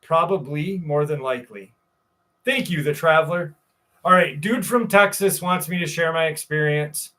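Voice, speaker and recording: A man's voice: a little high, normal speed, sharp tone. A man in his forties from New York, hosting a live stream and telling a rambling, profane story in a casual way. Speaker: show host.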